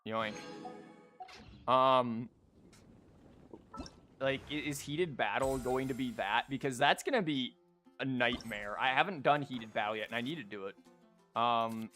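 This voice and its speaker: Guy streaming, bright sharp voice, rambles and stutters, chats with viewers, bit of music behind. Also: medium pitch, unhurried, long pauses. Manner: rambling, stammering, chatty with chat. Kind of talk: casual livestream chat.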